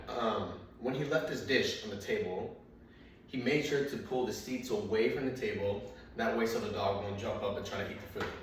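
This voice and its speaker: Slow-talking man in an echoey room. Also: on the low side. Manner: rambling, filler-heavy anecdotes with frequent restarts. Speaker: stand-up comedian. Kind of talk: stand-up storytelling. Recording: very echoey room, mic far off, faint noise.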